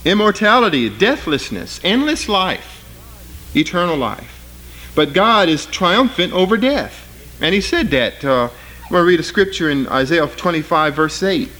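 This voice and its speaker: A man preaching a sermon, reading scripture with rising force and then explaining it in plain, halting talk. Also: big pitch swings, pushed and bright, poor audio. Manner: rises in pitch and volume reading scripture aloud; plain spoken, with fillers and restarts between readings.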